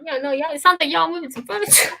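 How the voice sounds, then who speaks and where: High-voiced woman chatting casually. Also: racing, creaky, sharp tone. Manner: rambling, many fillers and restarts. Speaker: podcast host. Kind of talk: casual chat about musicals.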